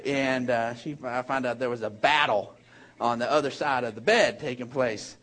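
A man preaching a sermon, animated and emphatic, with rambling asides, restarts and bursts of laughter. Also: medium pitch, moderate pace. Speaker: pastor.

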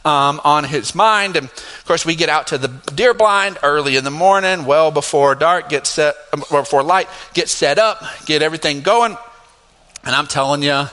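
Bright animated pastor in a reverberant hall. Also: male voice, moderate pace. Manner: animated, laughing asides, rising to emphatic highs. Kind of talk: sermon storytelling. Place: church sanctuary.

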